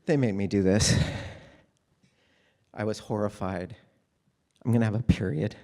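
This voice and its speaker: A man speaks in a fairly low voice, recounting his own life in a candid, wry manner. He tells it as live storytelling and grows animated in places. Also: measured pace.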